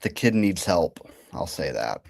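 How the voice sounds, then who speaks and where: A man doing a deep gruff commentator. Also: very animated, a little slow, darkish tone, no room sound, clean studio sound, full character voice. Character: gruff deep-voiced male wrestling co-commentator. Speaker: color commentator. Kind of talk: live wrestling commentary.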